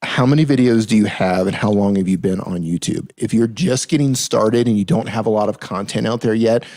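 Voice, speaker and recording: A man hosting a casual live stream, reading viewer questions aloud and answering in a relaxed, chatty way, often laughing. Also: lowish voice, brisk, no room sound, clean studio sound. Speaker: livestream host answering questions.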